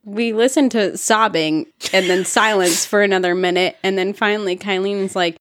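A woman's voice: medium pitch, fairly even intonation, normal speed, a bit bright. A young woman co-hosting a podcast in casual chat, wry and laughing as she swears. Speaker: podcast co-host.

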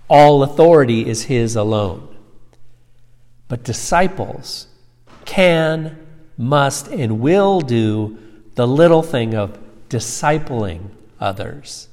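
A male pastor delivers a sermon at an unhurried, measured pace, leaning hard on key words and lifting his voice to stress them. His voice rings out with a long reverb behind it. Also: mid-range voice, animated, darkish tone. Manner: emphatic, slowing and rising on key words.

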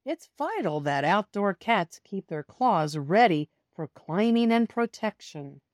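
Woman reading a children's story, slow, lively intonation, close dry mic. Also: mid-range voice, dry recording. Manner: slow, expressive storytelling that talks to young listeners. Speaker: storybook reader. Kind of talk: children's story read aloud, first person as a cat.

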